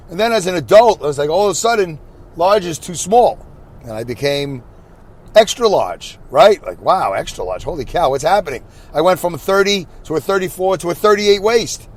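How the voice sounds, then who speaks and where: A man from Brooklyn hosting a podcast, rambling in a self-deprecating way and talking to himself as he drives his minivan. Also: on the high side. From Brooklyn, New York. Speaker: podcast host. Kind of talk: rambling solo monologue while driving. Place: inside a minivan on the highway.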